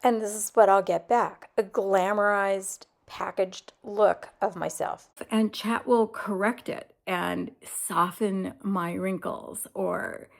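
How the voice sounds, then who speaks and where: A woman's voice: mid-range voice, fairly even intonation, slow, gravelly, few pauses. A woman in her seventies talking candidly and reflectively in a casual personal vlog. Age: 70s. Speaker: lifestyle vlogger.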